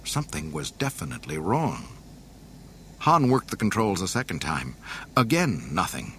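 A man with a fairly low voice narrates a storybook, his pitch rising and falling with lively drama. A faint hiss sits under the recording. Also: normal speed, gravelly. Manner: dramatic, expressive reading.

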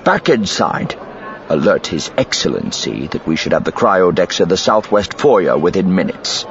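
A man's voice: low-pitched, sing-song, moderate pace, some chatter behind, a little hiss or hum. A man voicing a brooding male crime lord who gives curt orders, in a dull lo-fi recording. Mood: commanding.

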